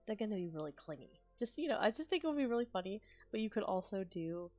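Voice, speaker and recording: Faint music plays behind a woman whose medium-pitched voice swings widely in pitch at a quick pace. She's an ASMR creator in casual live-stream chat, wandering through her thoughts aloud, restarting sentences and laughing softly.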